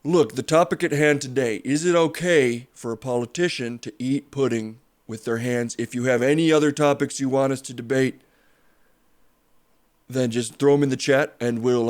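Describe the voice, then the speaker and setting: A man voicing a pompous former small-town mayor who talks in a measured, debate-minded way. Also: mid-range voice, lightly acted. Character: prim self-styled reasonable male ex-mayor.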